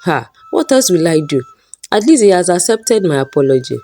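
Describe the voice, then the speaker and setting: A woman's voice: fairly low pitch, sing-song, moderate pace, mellow. A woman voicing a teasing young male student in a storybook reading.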